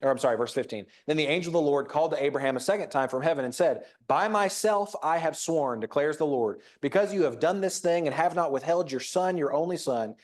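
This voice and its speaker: A man's voice: on the high side, expressive, fast, few pauses. Reflective man preaching a conversational sermon. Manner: reflective, reads scripture aloud with frequent restarts. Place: church auditorium.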